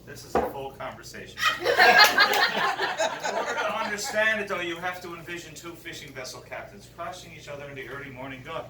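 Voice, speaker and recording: Newfoundland man hosting a bar ceremony, teasing and theatrical, heard from afar with loud room noise. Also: a little high, fast, few pauses. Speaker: screech-in ceremony host. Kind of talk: joking lesson to a group. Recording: roomy, distant, noisy bar.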